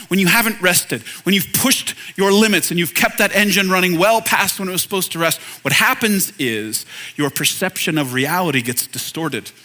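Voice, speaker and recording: A man's voice: fairly high pitch, pushed and bright. A man in his thirties preaching a conversational sermon as pastor, with self-deprecating asides and questions to the audience. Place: church hall.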